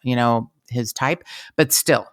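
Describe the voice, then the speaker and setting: A podcast host telling a crime anecdote in a casual, lively and profane way. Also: medium pitch, takes it slowly. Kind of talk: casual storytelling.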